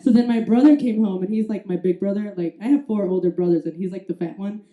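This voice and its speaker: A woman's voice: medium pitch, fairly even intonation, fast talker, narrow, tinny audio. Crude laughing woman comic, echoey club. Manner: crude, laughing storyteller who acts out voices. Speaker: stand-up comic. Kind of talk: stand-up comedy set. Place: comedy club stage. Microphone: handheld stage mic.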